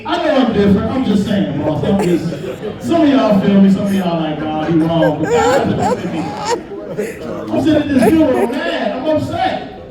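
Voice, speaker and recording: A man doing a stand-up comedy set in a live club, animated and talking straight to the crowd. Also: very high-pitched, moderate pace. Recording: roomy, far-off mic, loud crowd. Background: audience laughter.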